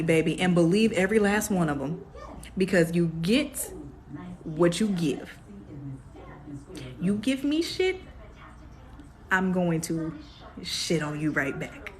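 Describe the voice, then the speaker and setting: A young woman, hosting a casual astrology live stream in a sassy, animated way. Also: on the low side. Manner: sassy, animated, calls viewers "baby".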